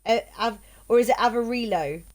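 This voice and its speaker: A woman streaming a video game, chatting casually with viewers in a halting way, tripping over words. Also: on the high side.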